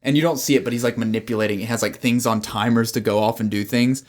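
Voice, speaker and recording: A man co-hosting a podcast in casual chat, pitching a story and acting out its scenes. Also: quick pace. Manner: animated storyteller who acts out scenes. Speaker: podcast co-host.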